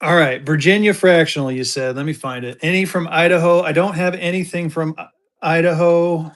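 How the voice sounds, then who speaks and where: A man's voice: a little high, fairly even intonation, brisk, a bit bright. Chatty man running a live auction. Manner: chatty, thankful, thinks aloud with fillers. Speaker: livestream seller. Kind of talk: casual live auction chat.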